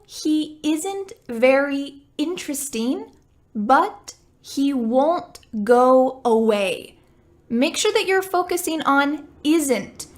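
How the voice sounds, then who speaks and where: A woman teaching English pronunciation, speaking clearly and slowing down to model sounds for learners. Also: high voice, fairly bright tone. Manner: slow, deliberate modeling of sounds. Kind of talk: pronunciation lesson.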